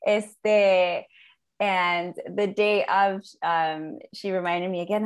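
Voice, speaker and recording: A woman guest and business owner telling a story in a casual interview, animated, slipping Spanish phrases into her English. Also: mid-range voice, unhurried.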